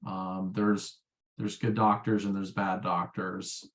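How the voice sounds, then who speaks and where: A man's voice: deep voice, flat delivery, slow. A man, a former sales rep chatting as an interview guest in a rambling, filler-heavy way. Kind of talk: casual interview chat.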